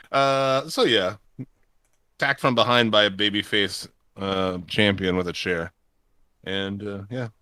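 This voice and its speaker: A man's voice: on the low side, expressive, slow, pauses often, sharp tone, no room sound, studio quality. A man in his thirties co-hosting a casual wrestling podcast, laid-back and profane, laughing often. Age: 30s. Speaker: podcast co-host.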